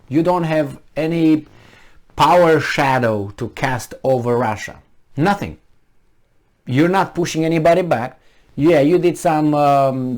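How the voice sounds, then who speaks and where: A man hosting a solo commentary vlog, talking emphatically with rhetorical questions and frequent restarts. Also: mid-range voice. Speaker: channel host.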